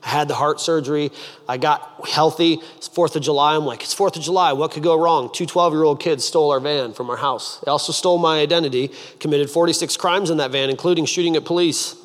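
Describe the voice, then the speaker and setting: A man preaching a sermon as a pastor, telling stories in an animated way and acting out the voices of the people in them. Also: fairly high pitch, fairly quick. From United States. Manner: animated storytelling, acts out voices. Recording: long hall reverb.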